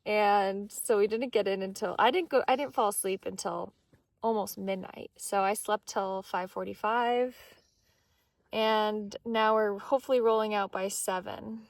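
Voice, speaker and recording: A woman with a medium-pitched, steady voice talks unhurriedly, with no room sound, as she vlogs along a desert mountain trail. A thru-hiker holding a handheld camera, she narrates casually, chatting and often exclaiming at the views.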